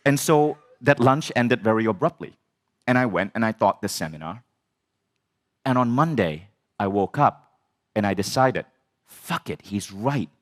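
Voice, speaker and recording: A man telling a personal story as a personal growth speaker, animated, swearing and acting out the dialogue. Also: on the low side, moderate pace, long pauses. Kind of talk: storytelling talk.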